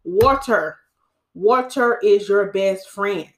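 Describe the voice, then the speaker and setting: A woman hairstylist hosting a podcast, giving casual hair-care advice in a preachy, animated way and calling listeners sis. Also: medium pitch, takes it slowly.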